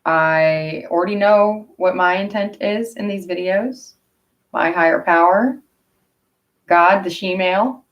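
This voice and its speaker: A woman's voice: fairly low pitch, measured pace, distant mic, dull audio. A woman vlogger, chatting casually on a livestream in a blunt, profane, rambling way.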